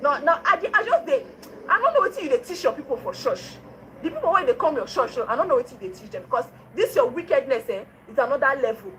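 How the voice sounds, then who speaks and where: A woman's voice: high-pitched, very animated, quick pace, fairly bright tone, slight background noise, rough recording. A woman speaking in a Nigerian Pidgin accent, delivering scolding political commentary full of repeated rhetorical questions.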